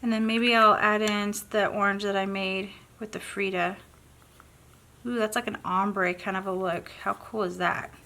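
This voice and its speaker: A woman's voice: mid-range voice, fairly even intonation, moderate pace, sharp tone, a little hiss or hum. A woman with a Southern accent chatting casually through a painting tutorial, bubbly and thinking aloud as she works. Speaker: craft tutorial host.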